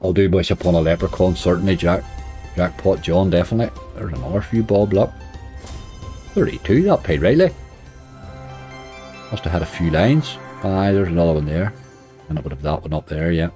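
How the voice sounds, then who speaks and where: A man's voice: low-pitched, moderate pace, pauses often, warm tone, soft background music. A man hosting a late-night slots live stream, chatting casually, greeting viewers and laughing often. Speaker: slot streamer.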